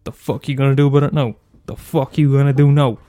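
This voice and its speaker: A man's voice: medium pitch, fairly even intonation, fast talker, dark tone, no room sound. An Irish man hosting a solo comedy podcast, blunt and sweary, mocking himself and repeating lines for effect. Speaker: podcast host.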